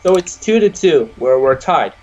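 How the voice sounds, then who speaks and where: A young man co-hosting a casual podcast over a video call, loud and slangy, swearing and laughing often. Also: on the high side, very animated, normal speed, dull audio. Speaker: podcast co-host.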